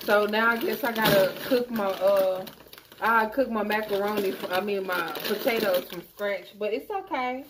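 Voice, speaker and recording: A young woman with a drawl talks through a grocery haul in a loose, chatty way, calling viewers "y'all" and working through prices. Her voice sits at a middling pitch for a woman, relaxed and unhurried. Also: noisy background. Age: young adult. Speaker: vlogger. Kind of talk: casual grocery haul chat.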